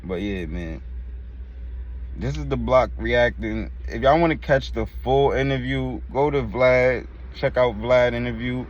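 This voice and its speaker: A man's voice: mid-range voice, unhurried, a little hiss or hum. A man with a New York accent giving blunt street commentary as host of a reaction video, trailing off at the ends of lines. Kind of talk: casual commentary. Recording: dull lo-fi sound.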